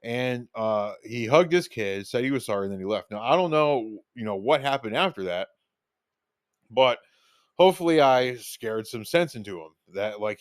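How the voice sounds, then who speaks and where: A man tells his own stories in a loose, rambling way, full of fillers and little restarts, and he slips into quoting himself as he goes. His voice sits at an ordinary middle pitch for a man. It is recorded close up, with almost no room sound. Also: dry recording. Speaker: podcast host telling stories. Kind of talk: casual storytelling monologue.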